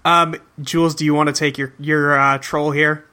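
A man's voice: a little high, flat delivery, normal speed, sharp tone. A laid-back man who laughs often, organizing a casual read-through chat.

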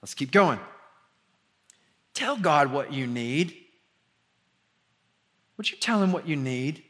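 A young man from the preaching a conversational sermon as pastor, rising in pitch and volume when he drives a point home. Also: lively intonation, slow pace, fairly bright tone. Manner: conversational preaching with sudden emphatic rises.

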